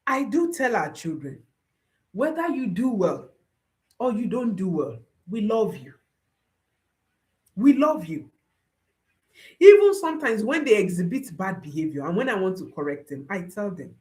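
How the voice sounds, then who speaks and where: A woman's voice: medium pitch, sing-song, a little slow, pauses often, darkish tone. A woman parenting coach giving a motivational talk, emphatic and repeating her key phrases like refrains. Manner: rises and drops sharply for emphasis.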